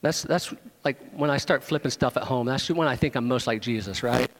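A man preaching a sermon, animated, pushing his voice up into emphatic questions and joking with the congregation. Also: medium pitch, brisk, long reverb tail. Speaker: pastor.

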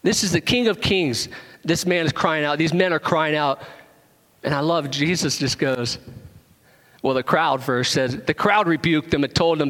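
A man preaching a sermon in a church, emphatic, rising to loud proclamations and dropping to hushed asides. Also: on the high side, lively intonation, moderate pace. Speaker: pastor. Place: church sanctuary. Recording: long hall reverb.

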